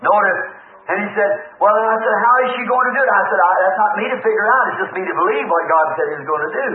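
A man preaching a storytelling sermon, folksy and animated, acting out the voices in his stories. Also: sits high, quick pace, a crowd in the background. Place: church. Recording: old tinny phone-like recording in an echoey church.

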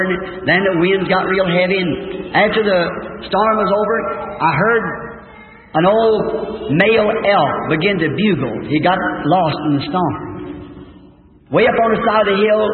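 A man's voice: high-pitched, a little hiss or hum. Fervent preacher man in an echoing hall. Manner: fervent, folksy, rises to excited shouts. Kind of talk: sermon storytelling. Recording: distant lo-fi hall recording, phone-like.

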